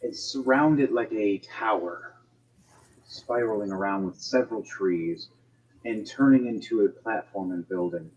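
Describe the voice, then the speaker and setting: A man's voice: fairly low pitch, unhurried, darkish tone, slight background noise. A man narrating as game master in a tabletop game, rambling and hesitant, with lo-fi stream audio. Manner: rambling, hesitant, lots of fillers and restarts.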